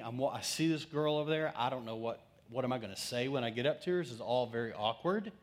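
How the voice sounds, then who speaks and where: Telling a personal story in a conversational sermon, this middle-aged pastor has a fairly low-pitched voice. His delivery alternates between lively asides and quiet, hushed stretches.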